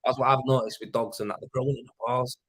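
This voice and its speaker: A fast-talking Yorkshireman with a mid-range, fairly bright, level voice hosts a casual livestream and reads viewer comments. He's chatty and rambling, with fillers and swearing, recorded in low quality on a plugged-in desk mic.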